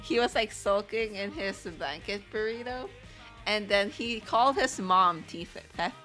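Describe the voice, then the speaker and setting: A woman's voice: medium pitch, unhurried, pushed and bright, faint music behind. A young woman chatting casually on a live stream, rambling and giggling, full of "like".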